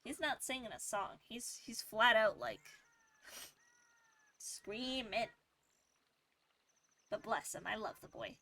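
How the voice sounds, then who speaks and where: A woman's voice: a little high, slow, pauses often, bright, forceful tone. A woman streamer casually chatting while racing a game and cooing to her cat. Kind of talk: casual livestream chat.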